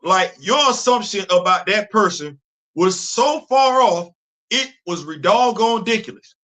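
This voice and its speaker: A man's voice: high-pitched, expressive, a little slow, bright, forceful tone. A middle-aged man from the Bronx, hosting a casual opinion monologue, emphatic and repetitive, using street slang. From Bronx, New York, USA. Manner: conversational, repeats and restarts, street slang, emphatic. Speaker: show host. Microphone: streaming setup.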